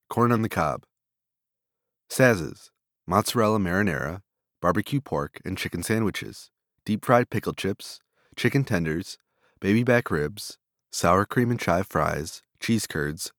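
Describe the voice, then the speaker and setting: A man reading a long list of food vendors and menu items in a steady, flat delivery. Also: low-pitched, dry recording, studio quality.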